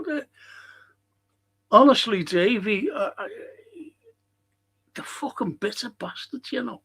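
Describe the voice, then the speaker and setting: A man whose voice sits high, expressive and a bit bright hosts a live football watchalong. He reads out chat messages and fires back bluntly, sweary and short-tempered.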